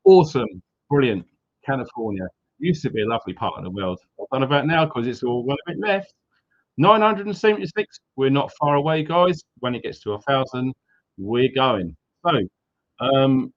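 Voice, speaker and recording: A man's voice: medium pitch, lively intonation, moderate pace. A man hosting a casual live stream, upbeat and greeting viewers one by one. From Wales. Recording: slightly dull lo-fi sound.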